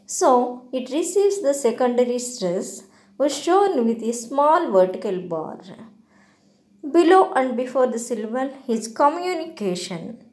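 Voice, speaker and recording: Slow, careful woman teaching a lesson. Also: sits high, very animated, a little mellow. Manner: slow, deliberate explaining with hesitant fillers. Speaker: English teacher. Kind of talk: slide-based grammar lesson.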